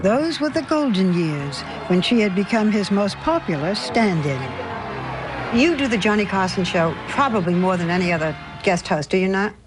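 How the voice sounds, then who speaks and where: A woman who narrates a news feature and asks measured, probing questions as the interviewer. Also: medium pitch, animated, loud music behind the voice.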